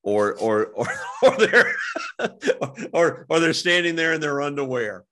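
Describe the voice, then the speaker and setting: A middle-aged man hosting a casual interview, talking haltingly with many restarts and "you know"s. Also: a little high, very animated, fairly bright tone. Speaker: podcast host.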